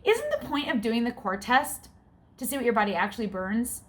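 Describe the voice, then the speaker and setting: In a casual vlog, a woman in her forties speaks frankly and chattily, growing exasperated now and then, her breaths often audible. Her voice is a little high, animated and brisk, with a slight hiss or hum underneath.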